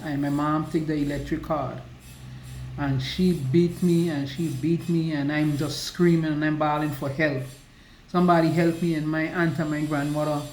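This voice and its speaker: A woman recounts her own story in a halting way, stopping to restart her sentences and slowing down when it gets heavy. Her voice rings around an echoey room, with a faint hum behind it. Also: low-pitched, darkish tone. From US Virgin Islands. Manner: halting, with restarts and slow emotional stretches. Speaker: survivor sharing her story. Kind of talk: personal testimony.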